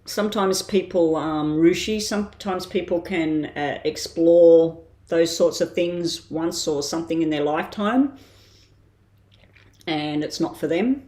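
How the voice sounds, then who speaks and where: A woman giving a live-stream tarot reading in a casual way, thinking aloud with frequent ums and pauses. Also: lowish voice, dark tone. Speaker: tarot reader. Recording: roomy echo.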